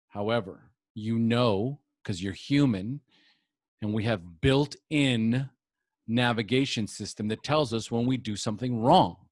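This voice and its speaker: A man hosting a recovery podcast, speaking slowly and earnestly as he reflects. His voice is mid-pitched and sounds dry and close to the mic, with no room around it. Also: no echo. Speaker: podcast host.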